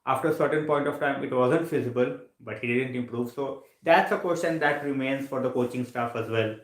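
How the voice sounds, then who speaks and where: A man's voice: medium pitch, brisk, echoey room, rough recording. A sleepy man hosting a late-night live stream, chatting casually, yawning, full of fillers and repeated phrases. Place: home room, late at night.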